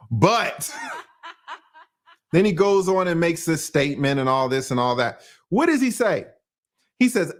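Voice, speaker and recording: A man's voice: sits high, expressive, moderate pace. A man from Atlanta, hosting a casual, profane livestream commentary, often laughing. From Atlanta, USA. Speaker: YouTube commentary host.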